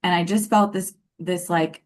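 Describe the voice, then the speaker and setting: A woman in her thirties telling her love story in a casual interview, animated and acting out what people said, with lots of fillers. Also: lowish voice, normal speed. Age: 30s. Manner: animated, acts out quoted dialogue, many fillers.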